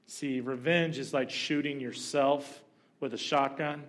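A male pastor delivering a sermon in a relaxed, conversational way and telling stories with lively energy. His voice sits at a medium pitch, and he talks to his listeners as if in plain everyday speech. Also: unhurried. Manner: conversational, animated storytelling.

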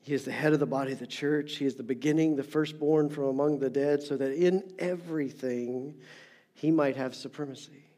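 A middle-aged pastor preaching a sermon, repeating phrases for emphasis and swinging between loud stresses and soft whispers. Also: male voice, a little high, fairly even intonation, a little fast.

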